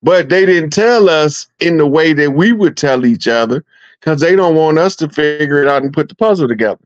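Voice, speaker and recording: A man's voice: on the high side, normal speed, no room sound, highs cut off. A man, chatting casually and laughing often, telling stories with energy. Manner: laughing often, animated storytelling. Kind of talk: casual conversation.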